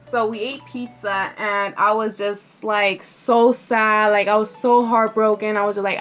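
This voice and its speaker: A woman's voice: mid-range voice, steady tone, unhurried, few pauses, fairly bright tone, soft background music. Chatty young woman vlogger, lots of "like". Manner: rambling, heavy use of "like", candid, swears freely. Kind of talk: casual get-ready-with-me storytelling.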